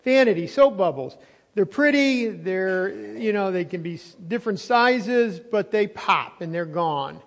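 A man's voice: high voice, animated, unhurried. A man, a pastor, preaching a conversational sermon while chewing gum, with frequent restarts and rising emphasis. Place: church sanctuary. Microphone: not wearing his lapel mic. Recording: long hall reverb.

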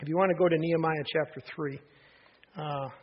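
A man preaching a sermon, earnest and emphatic, with restarts and pauses. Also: fairly high pitch, fairly even intonation, lo-fi sound, slight background noise. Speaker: pastor.

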